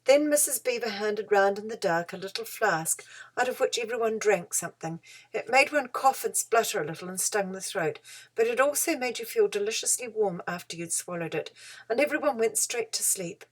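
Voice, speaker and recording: A woman reading a children's story aloud as narrator, gentle and expressive. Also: mid-range voice, normal speed. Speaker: audiobook reader.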